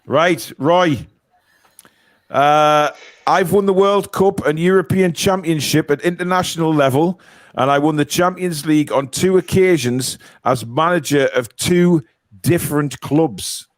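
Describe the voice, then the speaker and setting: A man's voice: a little high, unhurried, no room sound, clean studio sound. A man with a North East English accent hosting a casual football quiz, joking and teasing the players and swearing freely. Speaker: quiz host.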